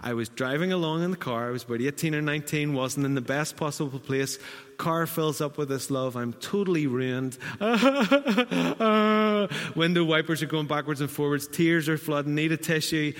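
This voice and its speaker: A man's voice: fairly high pitch, steady tone, a little fast, long reverb tail. A man preaching a sermon in a conversational, storytelling way with self-deprecating asides.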